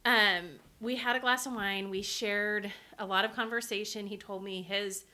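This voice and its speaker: A woman co-hosting a casual podcast chat, telling an animated story and laughing often. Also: medium pitch, moderate pace. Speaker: podcast co-host.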